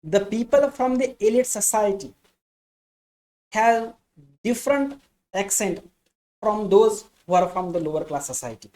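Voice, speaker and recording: Indian-English woman as a patient teacher; unhurried, soft-toned, restates every point. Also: medium pitch, poor audio. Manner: slow, deliberate, repeats each point in new words. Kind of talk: explanatory lesson.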